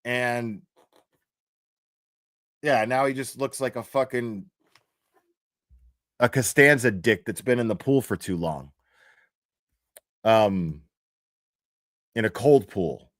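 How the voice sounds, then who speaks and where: A man's voice: mid-range voice, slow pace, pauses often, dry recording, clean studio sound. A man hosting a livestream, talking casually in a profane, mocking rant. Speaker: streamer host.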